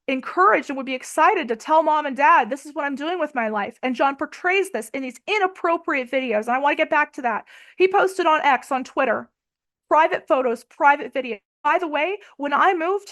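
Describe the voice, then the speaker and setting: A young adult woman with a high voice tells her story in an interview. She sounds tearful and urgent, pressing each point with emphasis. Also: a bit bright. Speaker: interview guest. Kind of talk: emotional personal testimony.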